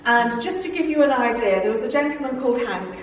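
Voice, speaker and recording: Woman in her 50s telling funny stories to a club crowd, fairly high voice, mic far off in an echoey room. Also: expressive, fast talker, slight background noise. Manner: chatty and jokey, laughing often and bantering with the audience. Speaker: guest speaker at a club. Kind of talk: humorous anecdotal talk to a live audience.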